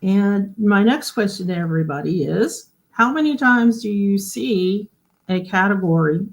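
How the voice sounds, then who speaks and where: A woman's voice: medium pitch, lively intonation, unhurried. A woman hosting a casual livestream. She explains things in a chatty way and often asks her viewers questions. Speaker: host of a genealogy livestream.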